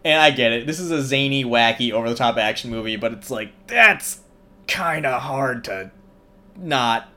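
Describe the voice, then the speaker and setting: A man's voice: medium pitch, animated, moderate pace, sharp tone. A man hosting, retelling a film in a casual, rambling way with many fillers. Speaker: host. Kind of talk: casual movie recap.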